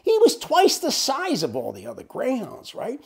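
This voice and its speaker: A man telling a casual anecdote in an animated way, swearing freely. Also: normal speed, gravelly, husky. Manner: animated, swears freely, wide swings in pitch. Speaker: storyteller.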